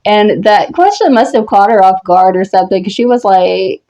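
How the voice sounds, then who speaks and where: A woman in her thirties tells a story casually, full of energy. She swears freely and breaks into laughter often, her voice sitting at an everyday middle pitch. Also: moderate pace, warm tone, lo-fi sound. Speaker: horror vlogger.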